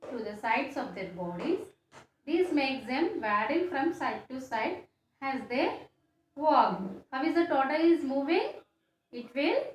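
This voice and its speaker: A woman teacher, explaining a science lesson to children slowly and repetitively, often ending with a questioning "no?". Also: sits high. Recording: echoey room, faint background noise.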